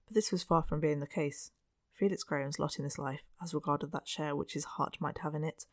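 Reader for a classic-novel audiobook: steady, unhurried delivery, mid pitch, bone-dry close mic. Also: dry recording. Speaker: audiobook narrator. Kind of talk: scripted narration of a Victorian novel.

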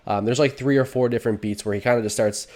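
A man co-hosting a casual podcast chat, talking in a quick, earnest way with fillers. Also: mid-range voice, steady tone, darkish tone. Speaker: podcast co-host.

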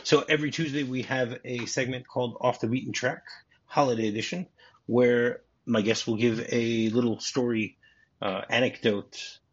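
A man's voice: medium pitch, fairly even intonation, slightly rough. A man hosting a casual film podcast, chatting and reading script passages aloud. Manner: reads script passages aloud, quick asides. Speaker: podcast host. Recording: dull lo-fi audio.

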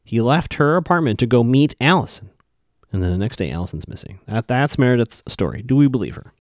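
A man's voice: mid-range voice, big pitch swings, fairly quick, no room sound, studio quality. A man casually recapping a TV episode, rambling and often asking whether characters can be trusted. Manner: chatty, rambling, questioning. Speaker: show recap host.

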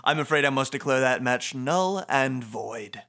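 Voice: medium pitch, expressive, a bit bright. Someone doing a drawling, showy villain host. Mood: theatrical. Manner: slow, showy announcing. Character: theatrical male game master villain.

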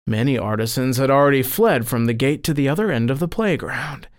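Male storyteller, middle-range voice, expressive scripted religious narration. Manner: expressive storytelling, lifting pitch on quoted cries. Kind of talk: scripted narration of a saint's dream.

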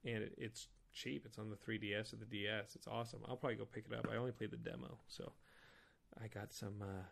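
A man hosting a podcast alone, rambling in an excited, nostalgic, self-mocking way. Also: fairly low pitch, quick pace, gravelly. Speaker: podcast host. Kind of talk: casual solo podcast talk.

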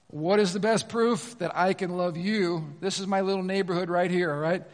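A middle-aged man, a pastor, preaching a sermon in a church sanctuary in a lively, conversational way, with frequent asides to the congregation. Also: sits high, normal speed, few pauses. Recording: long reverb of a church hall.

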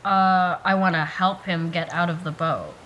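A woman's voice: on the low side, fairly even intonation, a little slow, a bit bright, lo-fi sound, slight background noise. A woman taking part as a player in a tabletop role-play, thinking her moves through aloud with some hesitation.

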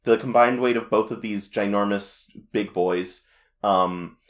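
A woman's voice: very deep voice, a little slow. A woman co-hosting a podcast, recapping a cartoon episode in casual chat with many restarts and laughs. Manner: rambling, restarts, laughs often. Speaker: podcast co-host.

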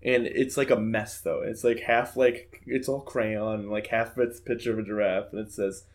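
A young man co-hosting a podcast, chatting casually about a TV show, laughing often and slipping into quick character voices. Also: lowish voice, flat delivery. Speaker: podcast co-host. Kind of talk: casual chat recapping a TV show.

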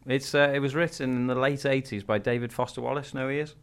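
A man's voice: medium pitch, fairly even intonation, fast talker, clear, resonant tone. A Welsh man co-hosting a casual podcast, laughing often as he chats. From Wales. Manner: laughs often, reads aloud in a mock-dramatic voice. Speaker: podcast co-host. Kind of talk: casual chat.

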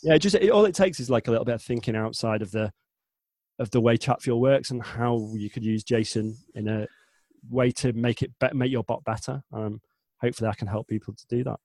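A man's voice: mid-range voice, a little fast, darkish tone, dry recording. Chatty Northern English man in his forties. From north of England. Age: 40s. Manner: chatty, rambling, frequent restarts and self-corrections. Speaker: guest, chatbot developer. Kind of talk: casual interview chat.

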